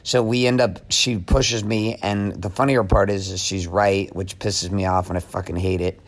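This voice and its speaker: A man in his thirties speaks bluntly and frankly in a casual podcast chat, not shy of a swear word. His voice sits a little low. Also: steady tone, normal speed. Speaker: podcast co-host, business owner.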